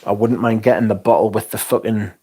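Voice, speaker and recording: A man's voice: on the low side, steady tone, fast, warm tone, husky. A man from England, chatting casually on a livestream, reading out comments with blunt, sweary, dry humour. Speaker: livestream host reviewing fragrances.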